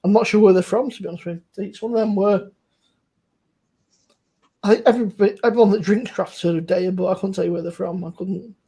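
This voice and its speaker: A man's voice: sits high, steady tone, fast, warm tone, husky. A young man with a Bristol accent hosting a casual chat over beers, rambling, laid-back and swearing freely. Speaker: podcast host.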